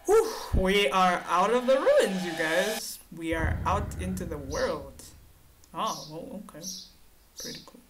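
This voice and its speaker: A woman's voice: lowish voice, big pitch swings, slow pace, a little hiss or hum, rough recording. Playful woman narrating a game. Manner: playful, giggly. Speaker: gamer, channel host. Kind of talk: let's play commentary. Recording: music playing behind.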